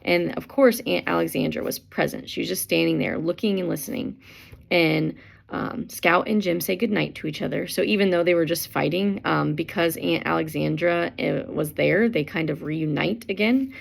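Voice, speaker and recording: A woman's voice: low-pitched, animated, normal speed, vocal fry. A woman teacher casually summarizing a book chapter, chatty and full of fillers, acting out quotes as she goes.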